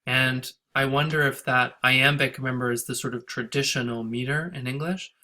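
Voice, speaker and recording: A man's voice: mid-range voice, steady tone, moderate pace, sharp tone. A man teaching a recorded lesson on scanning a poem, thinking aloud with restarts and reading lines of verse in a sing-song rhythm. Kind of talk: recorded lecture on poetry scansion.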